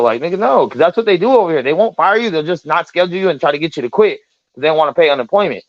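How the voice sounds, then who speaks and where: A man hosting a casual talk show, telling a story in an animated, profane way and acting out the voices of the people in it. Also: on the high side, fast, no room sound, dull audio. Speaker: podcast host.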